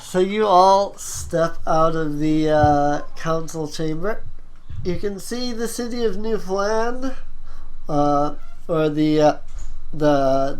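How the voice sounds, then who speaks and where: A game master narrates the scene at a slow, unhurried pace. The delivery halts often, filled with ums and uhs as the story unfolds. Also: mid-range voice, a little mellow.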